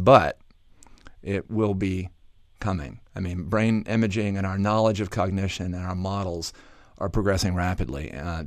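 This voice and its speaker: A man's voice: deep voice, no echo, clean studio sound. A man from Atlanta, a neuroscientist guest on a radio talk show, explaining in a thoughtful way with many ums and restarts. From Atlanta, US South. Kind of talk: radio interview, conversational explaining.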